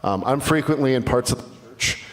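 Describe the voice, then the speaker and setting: A man's voice: medium pitch, lively intonation, moderate pace. A male pastor speaking in a conversational dialogue sermon, reflective and earnest, often restarting his sentences. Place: church sanctuary. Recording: long church reverb.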